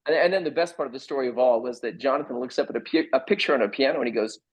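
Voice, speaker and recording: A middle-aged man, a playwright, telling an animated anecdote and acting out other people's lines as he goes. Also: mid-range voice, very fast, slightly rough, poor audio. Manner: lively, acts out other people's lines in quoted voices. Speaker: playwright guest.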